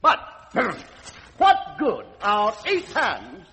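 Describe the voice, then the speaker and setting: An actor playing a smug male fish politician giving a speech, in 1940s radio acting style, slow and oratorical. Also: high-pitched, huge pitch swings, bright, forceful tone, in a large hall, faint music behind, full character voice.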